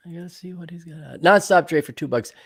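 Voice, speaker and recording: A man's voice: on the high side, quick pace, husky, no room sound, clean studio sound. A man co-hosting a casual podcast, reading viewer questions and joking around with lots of laughter. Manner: joking, animated, laughs often.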